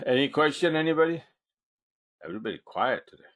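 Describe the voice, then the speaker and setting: A man's voice: a little high, very animated, brisk, a bit bright. A man teaching forex trading in a live webinar, thinking aloud as he marks up charts, with punchy emphasis on key moves.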